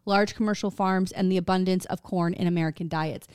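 A woman's voice: lowish voice, fairly even intonation, a little fast, darkish tone, clean tone, dry recording, clean studio sound. A woman co-hosting a podcast, telling a story from her notes in a casual, joking way, stumbling over words and swearing now and then. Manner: reads notes aloud with stumbles, swears, laughs.

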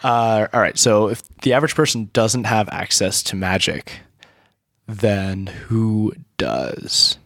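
A low-voiced man runs a casual tabletop planning chat as game master. He thinks aloud in a halting way and often restarts his sentences. The recording is dry, with no room echo. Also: a bit bright.

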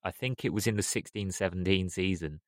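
Deep-voiced enthusiastic football pundit. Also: male voice, a little fast, a little mellow, dry recording. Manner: enthusiastic, piling up clauses. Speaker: podcast pundit. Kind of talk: casual football discussion.

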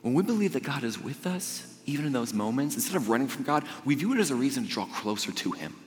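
A young man preaching a sermon, telling personal stories in a conversational way and swinging between quiet, intimate lines and loud, emphatic ones. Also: mid-range voice, very animated, fast talker. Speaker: pastor. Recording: long reverb of a large hall.

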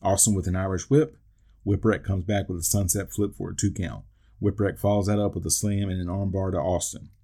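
This deep-voiced man talks briskly in a steady, mellow tone. Hosting a podcast, he walks through a wrestling match play by play and lands dry asides and wisecracks between the moves.

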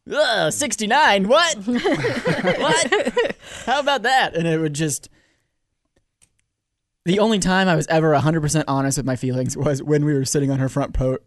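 A man's voice: a little high, dry recording, clean studio sound. A young adult man, a comedian, telling a personal story in casual chat, rambling and self-deprecating with many restarts. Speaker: comedian guest.

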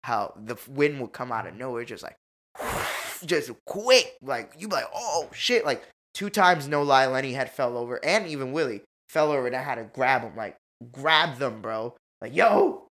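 Bright-voiced man telling a wild story. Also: mid-range voice, moderate pace. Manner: animated, profane, slangy storytelling. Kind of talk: casual storytelling chat.

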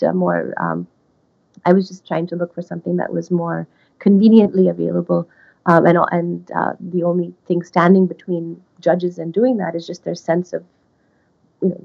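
A woman's voice: lowish voice, gravelly, darkish tone, slightly rough, muffled recording. A woman guest talking through legal ideas in a hesitant way, with many fillers and restarts. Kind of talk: academic conversation.

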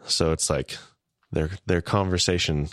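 A man co-hosting a casual podcast discussion, emotional and quick to laugh. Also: low voice, steady tone, no room sound, clean studio sound. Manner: warm, emotional, laughs often. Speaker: podcast co-host.

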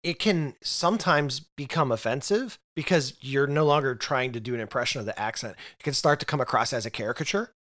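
A man's voice: mid-range voice, brisk, hardly any pauses, a bit bright. A man co-hosting a casual podcast chat about role-playing games, often restarting and repeating words as he thinks aloud. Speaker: podcast co-host.

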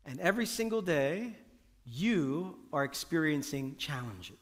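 A man's voice: on the high side, big pitch swings, a little slow. A male pastor preaching a sermon, emphatic, building his points through repeated phrases and calling out to the congregation. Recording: long reverb of a large hall.

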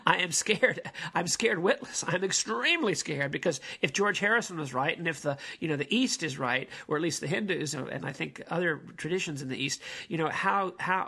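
Male commentator, raspy and husky, meandering unscripted delivery with frequent restarts. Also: on the high side, pushed and bright. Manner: rambling, halting, many restarts and fillers. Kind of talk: casual spoken commentary on songs.

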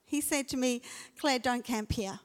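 High-voiced woman preaching in a hall. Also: a little slow. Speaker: pastor. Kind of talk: sermon. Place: church auditorium. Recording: long church hall reverb.

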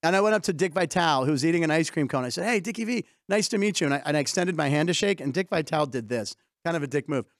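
Joking talk-show host, slightly high voice. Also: male voice, rapid-fire, hardly any pauses, no room sound, studio quality. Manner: jokey storyteller, laughs often. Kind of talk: casual comedy sports chat.

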